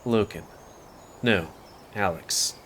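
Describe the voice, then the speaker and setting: A man's voice: low voice, slow, fairly bright tone, slight background noise. A man voicing a terse, formal male tribal leader in a game, speaking in clipped commands. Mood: stern.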